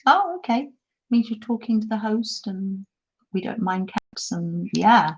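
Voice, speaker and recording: A middle-aged woman hosts a casual craft live stream from a craft table indoors at a holiday home, chatting, reading viewer comments aloud, and laughing often. Her medium-pitched voice is animated and unhurried, and the laptop mic gives it a lo-fi sound.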